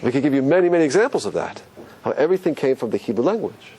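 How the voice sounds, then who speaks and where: A man's voice: very fast, crowd noise, rough recording. A man teaching a religious class as a rabbi, asking his listeners questions and swinging his voice up and down as he explains. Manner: animated, asks the audience questions, pitch swings up and down. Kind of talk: lively classroom lecture.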